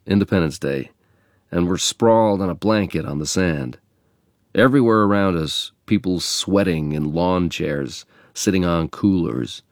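A man from England narrating a memoir in a measured, reflective reading. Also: low voice, gravelly, dry recording, studio quality.

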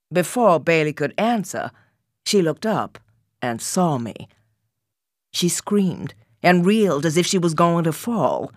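A woman reading a memoir aloud in a measured, unhurried storytelling voice. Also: low-pitched, lively intonation, no room sound, studio quality. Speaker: reader.

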